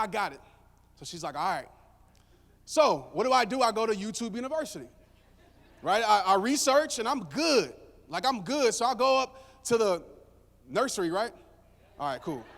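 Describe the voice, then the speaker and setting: A man's voice: high voice, a bit bright. A man giving a motivational speech to a live audience, telling a story casually and joking with the crowd. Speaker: motivational speaker. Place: stage before a live audience. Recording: long hall reverb.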